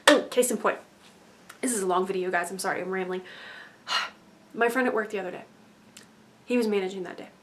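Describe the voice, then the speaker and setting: A woman's voice: mid-range voice, fairly bright tone, slight background noise. A woman vlogger telling a casual story-time monologue, rambling and filling her talk with fillers and tag questions.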